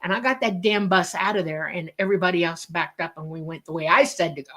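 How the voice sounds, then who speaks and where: A woman's voice: lowish voice, quick pace. Woman, casual interview storyteller, acts out the quotes, remote call audio. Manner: lively storyteller who acts out quoted dialogue.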